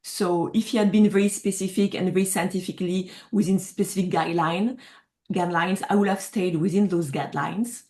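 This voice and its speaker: A woman's voice: fairly low pitch, fairly even intonation, fairly quick, dark tone. A woman from France speaking English with a French accent, an author guest talking earnestly and thoughtfully in a casual interview.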